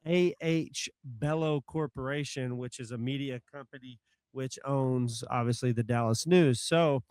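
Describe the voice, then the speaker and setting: A man's voice: mid-range voice, a little slow, a little mellow, clean tone, no echo. A man from Manchester, England, co-hosting a podcast, chatting casually and chiming in with trivia. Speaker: podcast co-host. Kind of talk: casual chat.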